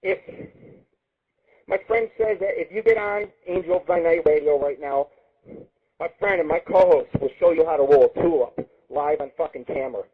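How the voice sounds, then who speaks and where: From a home radio studio, a man with a high-leaning, breathy voice hosts an internet radio show, delivering a crude, rambling comedic rant full of constant swearing. The stream sounds tinny and lo-fi, like a phone.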